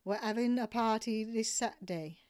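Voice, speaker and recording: A woman's voice: on the high side, moderate pace, darkish tone, clear, resonant tone, natural voice. A woman voicing a big, swaggering male brothel boss with a murmured, laid-back island drawl, read aloud as part of a story. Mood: easygoing.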